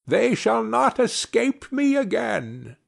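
A greedy, mocking old witch from a children's storybook, voiced by a man in a high, drawn-out croon. The voice sounds husky. It has a lively, swooping lilt. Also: exaggerated voice. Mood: menacing.

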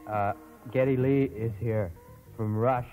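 A man's voice: mid-range voice, steady tone, unhurried, mellow, faint music behind, natural voice. A man with a Canadian accent voicing a dim, good-natured brother, hesitant and full of uhs, in a comedy sketch. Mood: dopey.

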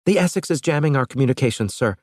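Brisk female officer reporting fast, as a male narrator puts her on, pitched well up, lively. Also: no echo, clean studio sound, lightly acted. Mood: tense.

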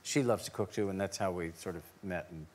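Man telling a lively anecdote on a chat show. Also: deep voice, brisk, slight background noise. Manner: animated anecdote, laughing as he tells it. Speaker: talk show guest. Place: TV studio before an audience.

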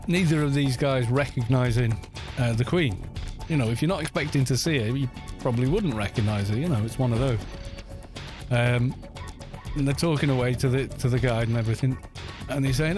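A British man in his thirties talks loosely and cheerfully while he plays, spinning a yarn between game moves. His voice sits at an ordinary middle pitch, and a little background music runs quietly behind him. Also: fairly quick. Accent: British English. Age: 30s. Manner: chatty storyteller, laughs often. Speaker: gaming streamer. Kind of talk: casual live-stream chat.

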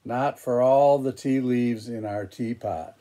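A man's voice: slow, dark tone, lightly acted. A man voicing the three little wolves in a storybook read-aloud, raising his voice in emphatic refusal. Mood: defiant. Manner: raised, higher, emphatic refusal.

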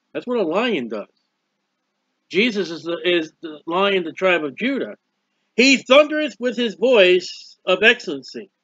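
A man preaching a bible sermon, emphatic and repetitive, building to loud exclamations. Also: high voice, dry recording. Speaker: street preacher. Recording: dull muffled lo-fi audio.

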